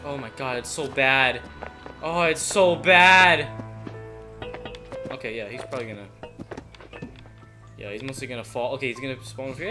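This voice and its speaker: A man playing an online game, excitable and mocking, laughing often in casual chat. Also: mid-range voice, moderate pace, long pauses, faint music behind. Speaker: game player.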